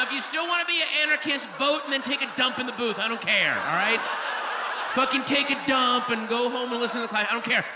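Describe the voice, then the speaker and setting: A man doing a live stand-up set in a comedy club, ranting profanely and shouting at the audience. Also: very high-pitched, big-room sound. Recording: live club recording, crowd and room noise.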